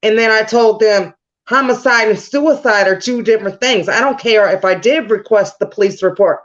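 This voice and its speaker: A woman's voice: medium pitch, moderate pace, dull audio. A woman guest speaking firmly and insistently in a livestream interview, repeating her point. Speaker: guest, victim's mother.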